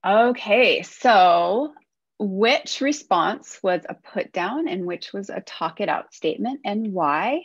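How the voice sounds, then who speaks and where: A woman teacher giving a gentle, encouraging lesson to children. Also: medium pitch, expressive, slow pace, breathy edge, no room sound. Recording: dull, dry sound.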